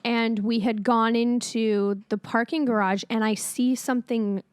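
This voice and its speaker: A young woman co-hosting a podcast, telling a story in casual chat, animated, laughing often and swearing freely. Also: on the high side, a little slow, clean tone, dry recording, clean studio sound. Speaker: podcast co-host.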